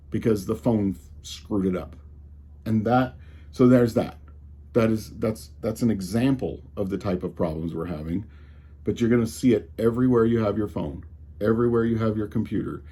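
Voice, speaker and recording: A man's voice: lowish voice, mellow, breathy edge. A man with a slight Colorado drawl, ranting casually and with exasperation about tech, often restarting his sentences. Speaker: tech commentator.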